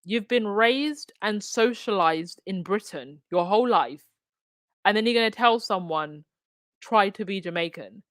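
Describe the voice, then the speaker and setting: A woman's voice: medium pitch, expressive, measured pace, no echo, studio quality. A woman with an Essex accent chatting casually as host of a commentary livestream, reading out articles and viewer comments with lots of restarts. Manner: frequent restarts and fillers.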